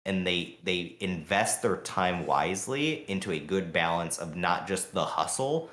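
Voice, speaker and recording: A man co-hosting a podcast, talking fast and heatedly in a long rambling rant full of fillers. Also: low voice, animated, fairly bright tone, roomy sound. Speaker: podcast co-host. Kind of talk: casual podcast chat.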